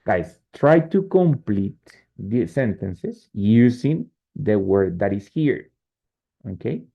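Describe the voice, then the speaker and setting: A man's voice: fairly low pitch, very animated, slow pace, creaky, breathy edge. A male English teacher with a Spanish accent explains word suffixes, keeps checking "right?" and "no?", and drops into Spanish. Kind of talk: online class teaching. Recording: muffled lo-fi call audio.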